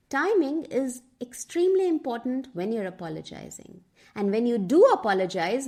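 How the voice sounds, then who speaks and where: A woman's voice: sits high, a little mellow. A woman coaching communication skills in a scripted lesson, emphatic and putting pointed questions to the viewer. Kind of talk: scripted teaching talk.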